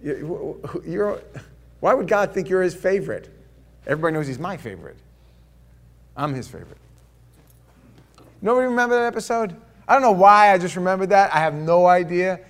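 A man in his fifties preaching a sermon in an animated way, acting out voices and asides. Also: high voice, fairly quick, pauses often. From Florida. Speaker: pastor.

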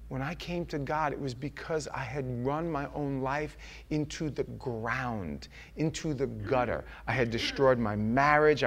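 A man preaching a sermon in church, earnest and conversational, acting out the voices he quotes. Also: mid-range voice.

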